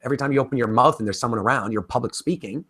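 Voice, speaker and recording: A man's voice: mid-range voice, racing, fairly bright tone, breathy edge. A man teaching a course in a casual, talkative way, with frequent fillers and restarts. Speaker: course instructor. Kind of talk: casual spoken lecture.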